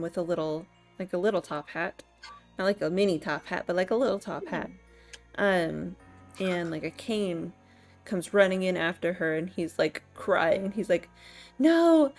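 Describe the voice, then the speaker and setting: A woman game master narrating a tabletop game at an unhurried pace, rambling with plenty of fillers. Faint music plays underneath. Her voice sits mid-range. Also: on the low side, gravelly. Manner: rambling, filler-heavy, amused.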